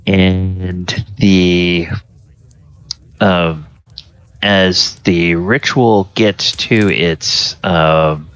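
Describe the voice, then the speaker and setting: A man narrating a tabletop game as game master, in a halting, thoughtful way. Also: deep voice, fairly even intonation, a bit bright, clean tone. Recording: dull lo-fi recording.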